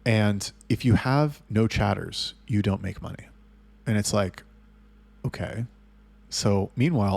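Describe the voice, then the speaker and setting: A man telling a business story in a casual monologue, blunt and full of swearing, getting loud and heated as he retells arguments. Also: on the low side, creaky. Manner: blunt, heavily profane storytelling. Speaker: agency owner telling business stories.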